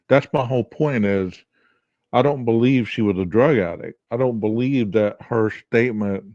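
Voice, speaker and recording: This man's voice sits on the low side and sounds a little mellow, captured in a muffled recording without echo. Hosting a podcast, he argues a true-crime case casually, his voice heavy like early morning and full of rhetorical questions.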